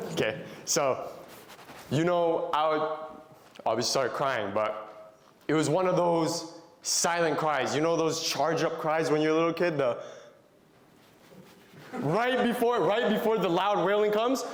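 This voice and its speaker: In an echoey room, a young motivational Christian speaker talks to young men, sharing stories in a conversational style and questioning his listeners. His voice is fairly high, and he takes his time, leaving long pauses.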